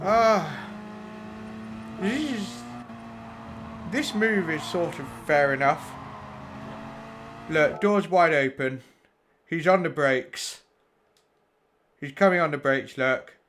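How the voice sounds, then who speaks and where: A man with a fairly high voice talks through sim racing replays live, blunt and quick to swear. A faint hum of noise sits under his voice. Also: lively intonation, fairly bright tone. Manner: blunt and sweary, chatting with viewers. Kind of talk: live commentary on race replays.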